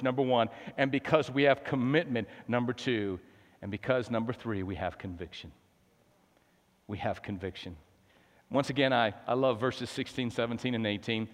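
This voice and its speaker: A man preaching a sermon, swinging between hushed lines and shouted emphasis. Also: medium pitch. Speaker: pastor. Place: church sanctuary. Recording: long hall reverb.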